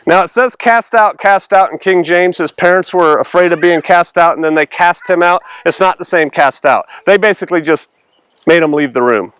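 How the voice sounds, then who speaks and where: A man's voice: a little high, fairly quick, fairly bright tone, smooth, no room sound. A male pastor teaching through a Bible passage in a conversational way, acting out the dialogue with sarcastic voices and laughter.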